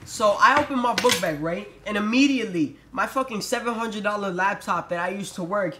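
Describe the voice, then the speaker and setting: A man's voice: sits high, brisk, sharp tone. A young man telling a storytime vlog in a profane, exasperated rant. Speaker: vlogger. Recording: roomy echo.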